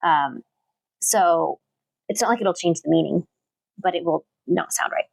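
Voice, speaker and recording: Woman, poetry teacher, low-ish creaky voice, dry close sound, hesitant and thoughtful. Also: measured pace, dry recording. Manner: thoughtful, with frequent fillers and restarts. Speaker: literature teacher. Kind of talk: casual interview talk.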